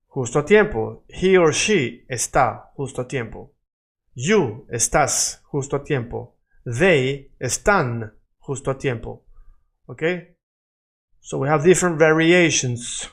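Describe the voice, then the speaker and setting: A man's voice: mid-range voice, lively intonation, takes it slowly, gravelly, pauses often, breathy edge. A man teaching an online lesson, explaining in English and repeating phrases over and over for the learner. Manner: switches between English explanation and Spanish examples. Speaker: Spanish teacher.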